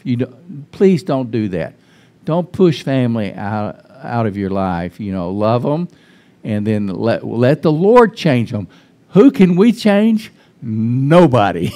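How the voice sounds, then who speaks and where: A man's voice: mid-range voice, mellow. Man preaching a folksy sermon. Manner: folksy, frequent restarts, questions to the congregation. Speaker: pastor. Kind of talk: informal conversational sermon. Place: church sanctuary.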